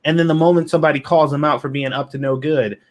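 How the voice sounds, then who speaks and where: A man telling a story in casual podcast chat, animated and exasperated with lots of swearing. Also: on the high side, fast talker. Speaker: podcast co-host.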